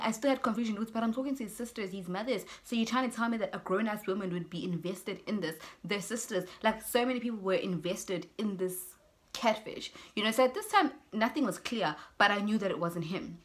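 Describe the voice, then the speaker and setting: A young South African woman telling a personal story on her vlog, animated, acting out both sides of conversations and mixing in Zulu words. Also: mid-range voice. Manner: mixes in Zulu words and phrases. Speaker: YouTuber.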